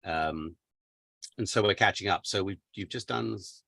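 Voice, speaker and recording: An English man, an audiobook narrator, chatting casually and relaxed, with plenty of fillers. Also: low voice, normal speed, gravelly, breathy edge, no room sound. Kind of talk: casual conversation.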